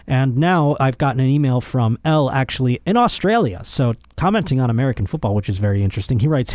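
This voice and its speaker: Guy hosting a podcast, crude rant, jumps up high when he's fired up, dry close mic. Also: animated, fast talker, few pauses, a little mellow, no room sound. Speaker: podcast host. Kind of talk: casual comedic rant.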